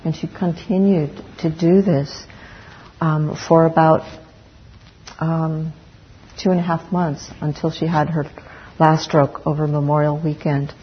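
A middle-aged woman gives a Buddhist dharma talk in a low, even voice, slow and reflective, pausing often between thoughts. The recording is dull and lo-fi, with a faint room hum behind her. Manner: slow, reflective, with many pauses and fillers.

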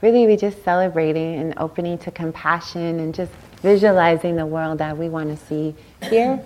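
A woman's voice: fairly low pitch, moderate pace. Woman giving a conversational dharma talk. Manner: warm conversational, seeks agreement with "right?". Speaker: meditation teacher. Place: meditation center hall.

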